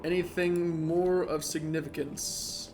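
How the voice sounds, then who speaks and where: A man streaming a game, giving excitable, joking commentary and laughing often. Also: on the high side, takes it slowly, slight background noise. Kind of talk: casual gameplay commentary.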